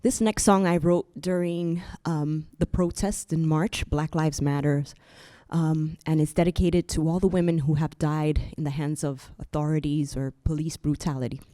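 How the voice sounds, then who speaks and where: A singer-songwriter, a woman, giving a quick, soft-spoken introduction to her song. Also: deep voice, fairly even intonation, dry recording, clean studio sound.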